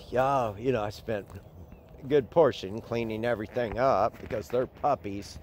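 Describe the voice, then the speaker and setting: An older man, running an animal sanctuary and chatting casually outdoors in a rambling way, breaking into a high cooing voice for the puppies. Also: a little mellow, slight background noise. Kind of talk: casual vlog chat.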